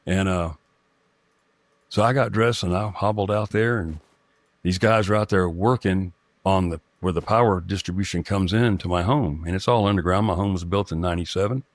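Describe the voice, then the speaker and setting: A middle-aged man telling a personal story in a halting way, with many restarts and fillers. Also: low voice, dry recording. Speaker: guest telling a personal experience. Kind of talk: rambling first-person storytelling.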